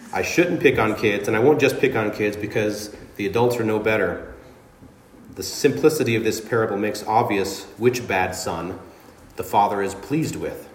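A man's voice: fairly low pitch, reverberant, a little hiss or hum. A man preaching a sermon as pastor, speaking earnestly and emphatically, with dramatic readings of scripture. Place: church sanctuary.

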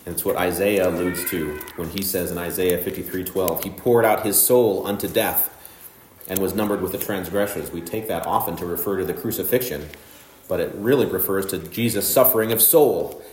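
A man preaching a sermon, walking through a passage with measured, emphatic phrasing. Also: sits low, reverberant, a little hiss or hum. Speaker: pastor.

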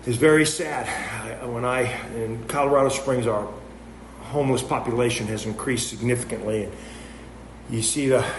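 A man preaching a sermon, earnest and emphatic, posing rhetorical questions and drawing sharp contrasts. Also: medium pitch. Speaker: pastor. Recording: echoey room with faint noise.

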